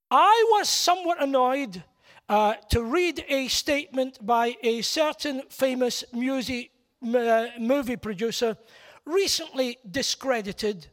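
A man's voice: extremely high pitch, lively intonation, measured pace. A middle-aged man preaching a sermon, blunt and emphatic, hammering points home by repeating key words.

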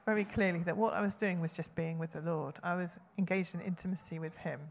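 A woman's voice: on the low side, fairly even intonation, fast talker, creaky. A woman giving an earnest, conversational personal testimony about prayer in a church hall. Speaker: church speaker. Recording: long hall reverb.

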